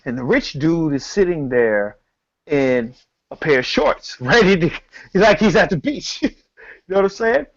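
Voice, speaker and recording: A man co-hosting a casual talk show, telling a story in an animated, slangy, profane way. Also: fairly high pitch, normal speed, lo-fi sound. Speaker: podcast co-host.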